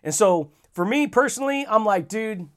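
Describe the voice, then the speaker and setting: A man with a high-pitched voice hosts a motivational podcast alone. He talks casually and enthusiastically in slang, calls his listeners buddy, and chuckles often between points. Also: normal speed. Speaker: podcast host.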